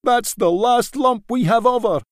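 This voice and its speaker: A man voicing a crafty, theatrical old Scottish laird who booms and wails in feigned grief, in a rhyming storybook. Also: measured pace, no echo, clean studio sound. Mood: wailing. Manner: booming and wailing in feigned grief.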